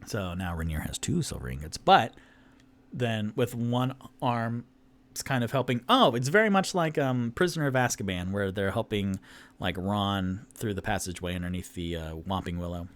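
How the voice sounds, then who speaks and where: A man's voice: on the low side, moderate pace. A man narrating a solo tabletop game as game master, rambling with many fillers and restarts. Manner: rambling, filler-heavy, lively.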